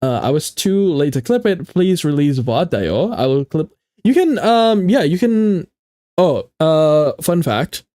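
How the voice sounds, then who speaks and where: A playful young man chats with his stream viewers, his somewhat high voice leaping up and down in pitch. His nose sounds stuffy, and he often trips over his words and repeats them. The recording is close and dry, with no room echo. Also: very animated, takes it slowly, warm tone. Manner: chatty and playful, greets chat, stumbles and repeats himself. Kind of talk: casual livestream chat with viewers.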